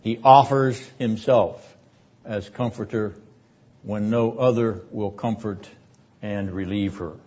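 Slow, deliberate older male lecturer. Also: fairly low pitch, steady tone, dark tone, husky. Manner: measured, deliberate delivery, rising in force for quoted verses. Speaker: seminary lecturer. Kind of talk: classroom lecture on scripture. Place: classroom. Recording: dull lo-fi lecture recording.

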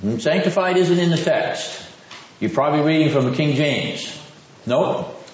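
Throat-clearing male lecturer questioning a class. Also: fairly high pitch, lively intonation, a little slow, darkish tone, a little hiss or hum. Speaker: seminary lecturer. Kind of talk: classroom lecture on Greek scripture. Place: classroom with students. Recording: dull lo-fi classroom recording.

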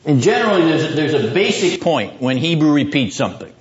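A man's voice: a little high, sing-song, a little fast, lo-fi sound, a little hiss or hum. A man teaching a seminary class on the Bible, quizzing his students and driving points home by repeating them.

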